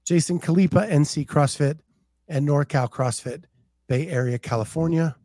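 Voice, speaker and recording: A man's voice: a little high, normal speed, warm tone, no echo. A man co-hosting a casual podcast, chatting in a laid-back way and reading out viewer comments. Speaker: podcast co-host. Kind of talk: casual chat.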